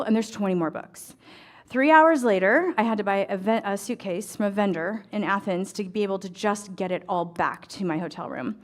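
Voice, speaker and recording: Chatty middle-aged woman telling a story. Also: medium pitch. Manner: animated, acts out dialogue, chatty fillers. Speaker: ecclesiastical tailor and embroidery speaker. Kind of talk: storytelling talk to an audience.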